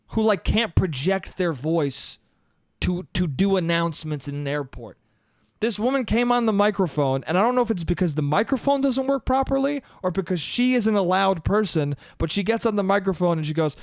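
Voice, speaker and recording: A man hosting a podcast who delivers an animated, comedic storytelling monologue, swearing freely and calling the listener "dude". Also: high-pitched, moderate pace, dry recording, clean studio sound. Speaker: podcast host.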